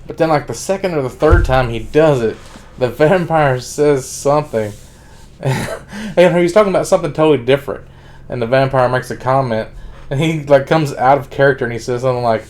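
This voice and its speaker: A man's voice: medium pitch, brisk, a little mellow. A man streaming a casual, rambling monologue about books, full of "like" and blunt profane asides.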